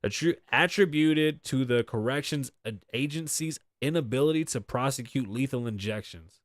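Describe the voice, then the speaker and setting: A man's voice: medium pitch, moderate pace, no room sound, clean studio sound. A man from Boston hosting a casual solo commentary show, reading news aloud and riffing on it bluntly with lots of profanity. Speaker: show host.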